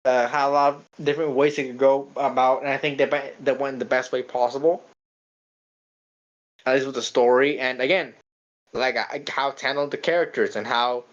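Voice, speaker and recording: On a muffled recording, a man co-hosting a podcast chats casually about a film at a normal speed, his medium-pitched voice fairly even in intonation. He rambles along with stammered restarts and casual swearing.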